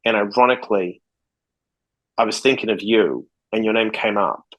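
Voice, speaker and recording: A man's voice: lowish voice, moderate pace, fairly bright tone, poor audio. A man from Australia, a podcast guest, telling stories bluntly and swearing freely as he acts out conversations. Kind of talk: casual interview storytelling.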